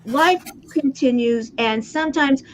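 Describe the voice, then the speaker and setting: A woman's voice: high voice, unhurried, a little hiss or hum. A woman hosting a talk show, effusive and emphatic in casual chat. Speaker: host. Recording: dull lo-fi audio.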